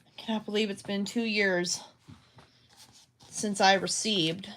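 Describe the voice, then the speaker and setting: A woman's voice: mid-range voice, fairly even intonation, measured pace, a bit bright, a little hiss or hum. A woman vlogging casually at home about her craft projects, rambling and hesitant with many restarts. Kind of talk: casual talk to camera.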